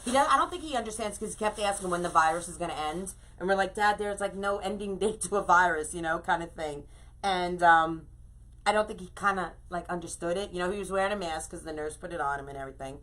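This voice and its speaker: A middle-aged woman chats through a live crafting stream, gushing about products and greeting viewers by name. Her voice is bright and forward, sitting a little low in pitch. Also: fast. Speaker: craft shop owner hosting a live stream. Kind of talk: casual live-stream chat while crafting.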